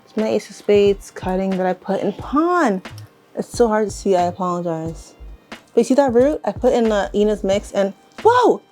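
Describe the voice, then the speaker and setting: A young woman chatting casually as she shows and rearranges her plants, rambling, correcting herself and getting excited. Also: medium pitch, moderate pace, soft background music. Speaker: plant vlogger. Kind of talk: casual vlog chat while working. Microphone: handheld camera on tripod.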